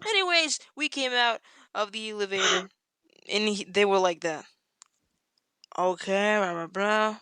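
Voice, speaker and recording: A woman tells a story on a podcast. Her voice sits at a medium pitch and keeps jumping high when she acts out what people said. The sound is dry and close to the mic, with no room echo. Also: measured pace, pauses often, smooth. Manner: animated, acts out quotes with sudden jumps in pitch. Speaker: podcast guest. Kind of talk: storytelling in casual conversation.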